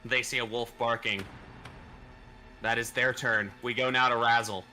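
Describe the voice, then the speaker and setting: A man narrating as game master of a tabletop game, measured, repeating phrases as he goes. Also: mid-range voice, fairly even intonation, pushed and bright, soft background music.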